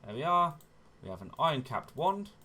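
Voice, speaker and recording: Bright and forceful, this fairly high-pitched man is very animated at a moderate pace as he narrates gameplay step by step for his gaming channel. He chats, self-corrects often and repeatedly says "wonderful."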